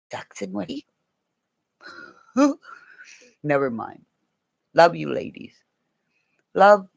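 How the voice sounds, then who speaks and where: A woman's voice: lowish voice, vocal fry. A middle-aged woman hosting a casual livestream, chatty and playful, laughing often. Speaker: livestream host.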